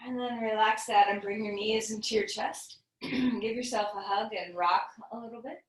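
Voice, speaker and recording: A woman leading a guided yoga class, giving calm, gentle, encouraging cues. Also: fairly high pitch, moderate pace, slight background noise. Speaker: yoga teacher. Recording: echoey room, voice from a distance.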